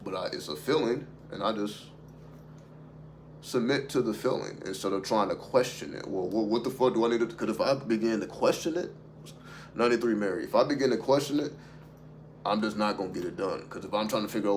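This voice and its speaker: A man with a lowish voice riffs unscripted to his livestream audience as a spiritual content creator. He talks emphatically, swears freely and keeps asking rhetorical questions. A faint hum sits behind him. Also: brisk.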